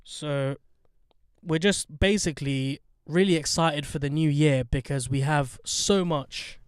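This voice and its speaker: A young man co-hosting a casual podcast from a parked car, throwing in street slang and teasing his friend. His voice is smooth and clear and sits a little high. The sound is close and dry on a handheld mic. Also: a little slow, no room sound. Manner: joking, slangy, hypes things up. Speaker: podcast co-host. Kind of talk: casual chat.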